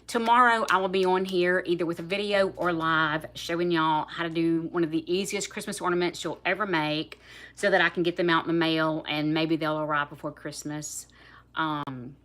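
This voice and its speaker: A woman's voice: fairly low pitch, a bit bright. A woman with a South Louisiana accent chatting casually on a livestream, laughing often and talking straight to her viewers. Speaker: livestream host.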